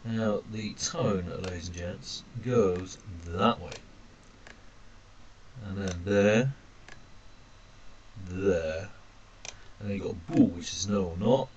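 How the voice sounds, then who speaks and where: A man teaching a language lesson while drawing characters on screen, chatty and self-deprecating, calling his viewers ladies and gentlemen. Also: low voice, takes it slowly, long pauses, lo-fi sound, a little hiss or hum.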